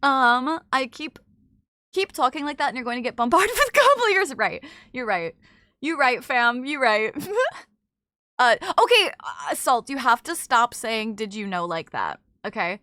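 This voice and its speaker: A woman's voice: fairly high pitch, big pitch swings, unhurried, bright, forceful tone, no echo, clean studio sound. A woman streamer in casual chat, reading viewer messages aloud and often trailing off with filler. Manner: chatty, filler-heavy, trailing off with "I don't know". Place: in bed at home.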